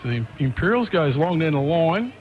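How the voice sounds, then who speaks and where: An Australian man calling a local football match play by play, quick and chatty, from a commentary box at the ground. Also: on the high side, very animated, muffled recording, a little hiss or hum. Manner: quick, chatty, easy laughs.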